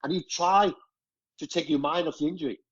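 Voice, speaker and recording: Telling stories over dull lo-fi podcast sound, this middle-aged ex-footballer chats casually, swearing openly and laughing through his tales. He talks briskly, with a fairly high pitch and a breathy edge.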